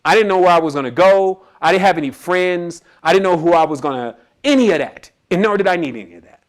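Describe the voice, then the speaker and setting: A spiritual presenter gives a casual, streetwise talk to an audience, telling a personal story and acting out the voices of its characters. He speaks quickly in a high, expressive voice.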